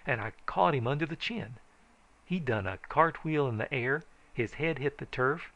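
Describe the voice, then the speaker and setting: Male narrator, gravelly mid-range voice, folksy first-person telling of a frontier yarn. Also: mid-range voice. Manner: folksy first-person storytelling, raising his voice for shouted lines. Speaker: audiobook narrator. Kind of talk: scripted narration of a frontier tall tale.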